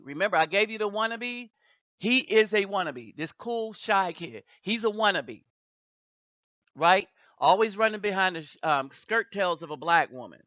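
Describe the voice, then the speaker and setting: A man giving reaction commentary in a slow, repetitive, lecturing way, tossing in "right?" asides. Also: high voice, bright, forceful tone, no room sound. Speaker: commentary channel host. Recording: dull, lo-fi and dry.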